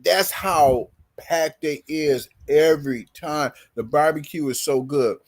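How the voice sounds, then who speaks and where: A man with a notably high speaking voice tells a story in casual podcast chat. He acts out each quoted line as he goes and breaks into laughter along the way. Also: slow pace. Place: podcast studio.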